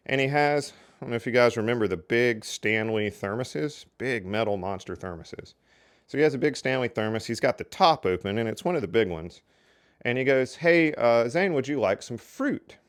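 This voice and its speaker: A man's voice: medium pitch, animated, normal speed. An older man telling casual stories from his working life in a folksy, chatty way. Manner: folksy and chatty, with lots of "so anyway" and "you know". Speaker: storyteller. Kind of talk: casual storytelling.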